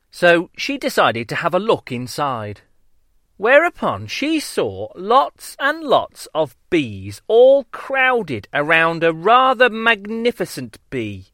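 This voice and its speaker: A man reads a children's story at an unhurried pace, drawing out his words with playful relish. His voice rises and falls a great deal and sits a little high. The sound is close and dry. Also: dry recording. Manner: lively, playful, drawn-out delivery.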